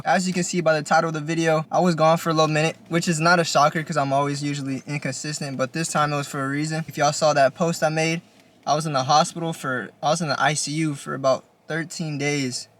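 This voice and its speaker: A young man with a voice pitched a little above the usual, telling a storytime vlog. He talks in a relaxed, slangy way, the way a channel host talks straight to his viewers. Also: fast talker, slight background noise. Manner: laid-back slangy storytelling. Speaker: YouTuber.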